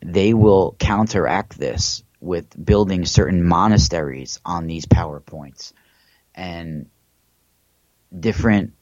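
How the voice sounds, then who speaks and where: A man's voice: low-pitched, takes it slowly, a little mellow, no room sound, lo-fi sound. A man hosting a livestream, talking in a rambling, hesitant way with many fillers and restarts. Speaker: livestream host. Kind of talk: casual livestream monologue.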